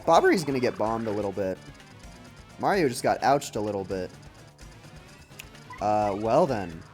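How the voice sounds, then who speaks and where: A man's voice: fairly low pitch, expressive, normal speed. A young man giving casual, chatty live commentary while playing a video game, laughing often and slipping into silly voices. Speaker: streamer. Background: faint game music.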